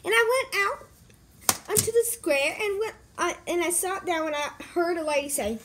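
Very high-pitched giggly storyteller woman. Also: lively intonation, normal speed, fairly bright tone, a little hiss or hum. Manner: giggly, rambling, jumps between voices. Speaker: vlogger. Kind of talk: silly improvised storytelling.

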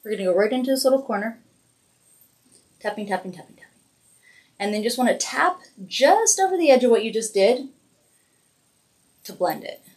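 A woman's voice: fairly high pitch, animated, moderate pace, pauses often, a little mellow. A woman hosting a casual weekly livestream makeup tutorial, chatty and encouraging as she narrates each step. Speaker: makeup brand host doing a weekly live demo.

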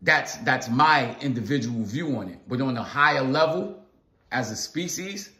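A man's voice: medium pitch, expressive, moderate pace, bright, forceful tone. A man vlogging a casual philosophical monologue, repeating phrases for emphasis and calling out to his viewers in loose slang. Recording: echoey room.

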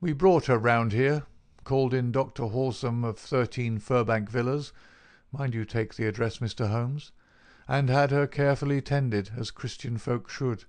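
A man's voice: mid-range voice, steady tone, moderate pace, darkish tone, close to an everyday voice. A man voicing a big, bald, unctuous male swindler in an audiobook, his talk oily and mocking. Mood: gloating. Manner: oily, made-everything-easy talk. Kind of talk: audiobook character reading.

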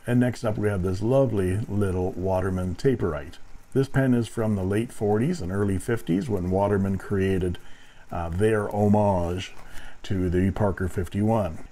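Low, mellow-voiced man reviewing pens. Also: rough recording. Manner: dry, wry humor between demonstrations. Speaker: fountain pen reviewer. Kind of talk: product review narration.

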